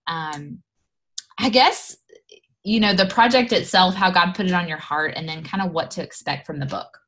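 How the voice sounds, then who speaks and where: A woman host leads a podcast interview and keeps affirming her guest before moving to the next question. Her voice sits low for a woman. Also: normal speed, fairly bright tone. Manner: affirming and encouraging, often repeats praise. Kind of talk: interview hosting.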